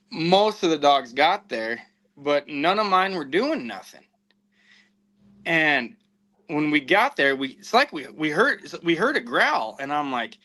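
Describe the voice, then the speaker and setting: Man, podcast host type, animated storyteller with a bright forceful tone, quotes people as he goes. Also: on the high side, low-quality recording. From southwestern United States. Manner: animated anecdote-telling with acted-out quotes. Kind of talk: casual storytelling.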